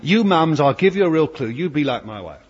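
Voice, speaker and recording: An older man tells stories in a chatty, anecdotal sermon full of playful asides, his fairly high voice swinging widely in pitch at a slightly quick pace. The recording is old and dull, made in a reverberant hall with a faint hiss.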